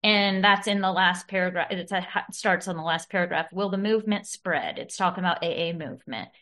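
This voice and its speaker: A woman's voice: mid-range voice, fairly bright tone. A woman sharing at a recovery meeting, earnest, quoting from a book with many fillers.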